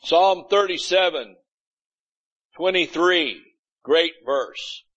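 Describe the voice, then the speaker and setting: A man's voice: a little high, extremely slow, a bit bright, lo-fi sound. A man preaching a sermon as pastor, folksy and blunt, often mimicking complaining churchgoers. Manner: folksy, blunt preaching with mocking quoted voices. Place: church sanctuary.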